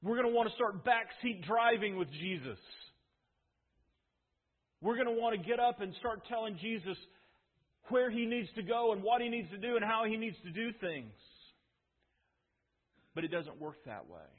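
A male pastor preaching a sermon, telling the story emphatically with frequent restarts in a husky voice. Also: sits high, expressive, normal speed, long pauses. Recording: tinny phone-like sound.

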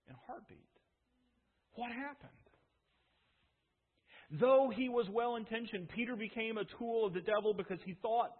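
A male pastor preaching a sermon, telling the story emphatically with frequent restarts in a husky voice. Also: sits high. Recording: tinny phone-like sound.

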